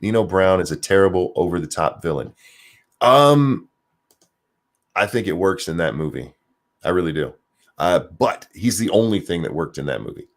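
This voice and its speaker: A man's voice: normal speed, long pauses. A man hosting a casual livestream, reading viewer comments with sarcastic asides. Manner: animated, sarcastic, jumps high in pitch for jokes. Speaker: stream host.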